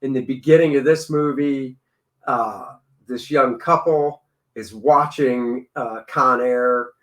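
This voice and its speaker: A man's voice: mid-range voice, fairly bright tone. A man co-hosting a casual movie review chat, chatty and joking.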